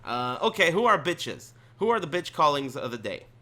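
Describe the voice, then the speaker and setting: Lively high-voiced man hosting a podcast. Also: moderate pace. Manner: animated, swearing storyteller who rants. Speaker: podcast host. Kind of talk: casual chat.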